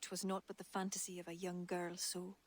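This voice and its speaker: An actress playing a young, wistful servant woman who speaks gently in a video game. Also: fairly low pitch, monotone, brisk, slight background noise, natural voice. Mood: gentle.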